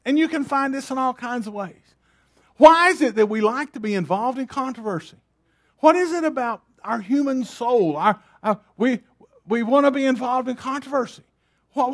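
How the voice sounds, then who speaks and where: A man's voice: very high-pitched, lively intonation, normal speed, a bit bright. A man preaching a sermon, emphatic and repetitive, firing rhetorical questions at his congregation.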